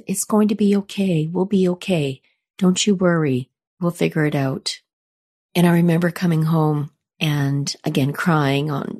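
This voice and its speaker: Middle-aged lady podcaster, low voice, calm and earnest, telling her own story. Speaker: podcast host. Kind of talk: reflective personal storytelling.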